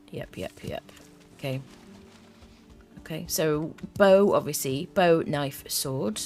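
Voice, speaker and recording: A woman's voice: low-pitched, measured pace, a little mellow, faint music behind. A young woman streaming a survival game, chatting with her viewers, reading chat aloud and humming little tunes as she plays. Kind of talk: live-stream gameplay commentary.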